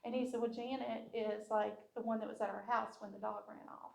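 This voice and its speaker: Woman, church testimony, storytelling, voices the people in her story, slightly high voice. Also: flat delivery, a little fast, creaky, darkish tone. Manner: heartfelt storytelling, acting out what people said. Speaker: church member sharing a testimony. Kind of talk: personal testimony to a congregation.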